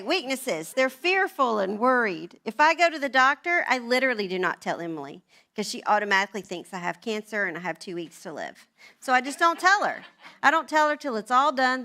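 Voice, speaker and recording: A woman around sixty, giving a chatty, humorous personal talk at a women's event. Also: medium pitch. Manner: animated, chatty storytelling.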